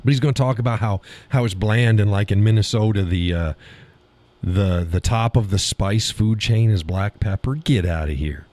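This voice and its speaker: Scornful low-voiced man streaming. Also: steady tone, normal speed, a little mellow, no room sound. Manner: blunt, scornful, laughs often. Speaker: live stream host. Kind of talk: casual political commentary reading chat.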